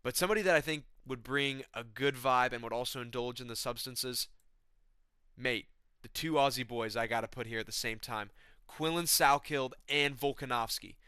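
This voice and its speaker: A man's voice: medium pitch, normal speed, sharp tone, clean tone, no room sound, clean studio sound. A young man rambling in a laid-back, slangy comedic monologue as a vlogger.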